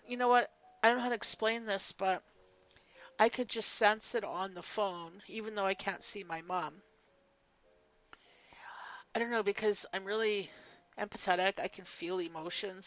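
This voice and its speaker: A woman's voice: mid-range voice, fairly bright tone, lo-fi sound. An older woman telling a personal story in a vlog, blunt and emphatic, swearing freely. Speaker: vlogger.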